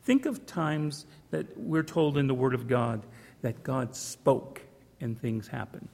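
A man's voice: mid-range voice, slow, creaky, darkish tone, big-room sound. A man preaching a sermon, telling a folksy story with frequent restarts, in a church. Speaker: pastor.

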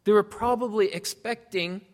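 Male pastor, earnest teaching sermon, higher voice, reverberant hall sound. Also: normal speed. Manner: earnest, explanatory, reads scripture aloud.

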